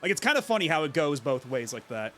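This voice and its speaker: A man's voice: a little high, very animated, fast, pushed and bright, faint music behind. A man streaming a game, chatting casually in a rambling, filler-heavy way. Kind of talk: casual gaming commentary.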